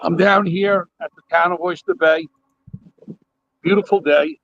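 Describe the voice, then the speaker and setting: A man's voice: high voice, steady tone, unhurried, a bit bright, dry recording, muffled recording. A man calling in by phone from a park, rambling animatedly through a story with quoted dialogue. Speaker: caller. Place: outdoors at a park.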